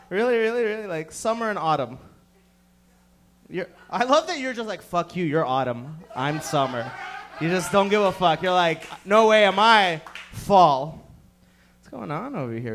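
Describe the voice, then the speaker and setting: Brief: thirties male comic, high voice, rowdy and foul-mouthed on a club mic. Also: a bit bright. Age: 30s. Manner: profane, rowdy storytelling. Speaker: stand-up comedian. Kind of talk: stand-up comedy. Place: comedy club stage.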